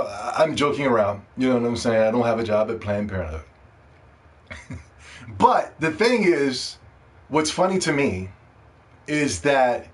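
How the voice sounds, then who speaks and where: A man hosting a casual solo gaming podcast, joking and ranting in a loose, profane way that swings from loud excitement to quiet asides. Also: medium pitch. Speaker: podcast host.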